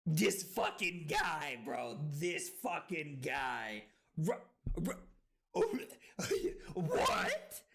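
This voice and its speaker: A tipsy man streaming a card game, talking slowly at times, then bursting into loud whoops and giggles. His voice is bright and sharp, and his pitch swings widely. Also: gravelly. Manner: excitable, loud outbursts and giggly laughter. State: tipsy from drinking. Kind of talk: live stream gameplay commentary.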